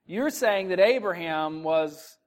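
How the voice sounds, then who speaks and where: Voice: expressive, slow. Emphatic Bible teacher reading verses aloud. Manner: reads scripture verses aloud between explanations; emphatic, rises in pitch and volume on key points.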